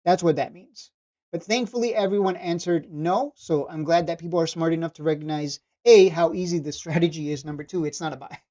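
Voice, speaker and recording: A man's voice: on the high side, a little fast, warm tone, lo-fi sound. A man streaming stock trading, casually going over charts and chat questions in a blunt, profane way, often laughing and repeating himself. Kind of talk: casual livestream commentary reading chat.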